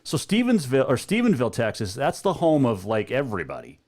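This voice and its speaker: A man's voice: medium pitch, wildly swooping pitch, quick pace, a little mellow. A man from Montana hosting a talk show and chatting in an easygoing way with a guest. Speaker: host.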